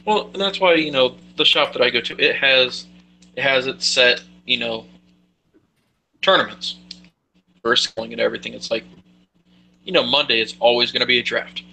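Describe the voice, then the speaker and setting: A man's voice: mid-range voice, moderate pace, creaky, long pauses, sharp tone. A man co-hosting a podcast, chatting in a laid-back, teasing way. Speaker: podcast co-host. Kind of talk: casual chat about card games.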